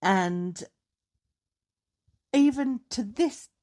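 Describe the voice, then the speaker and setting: A woman on a podcast, casually chatting and telling a story with lively, animated delivery. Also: fairly high pitch, very slow. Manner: animated storyteller, acts out dialogue in raised voice. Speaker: podcast co-host.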